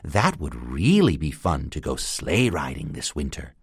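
A man voicing a vain, fussy female magpie who thinks herself a princess, talking in a scornful, squeaky way. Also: huge pitch swings, a little slow, husky, no room sound, clean studio sound, full character voice. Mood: haughty.

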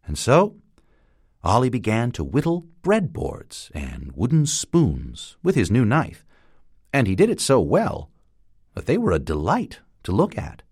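A man narrating a fairy tale in a lively, expressive way. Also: medium pitch, a little slow, husky, dry recording, studio quality. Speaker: storyteller. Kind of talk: storybook narration.

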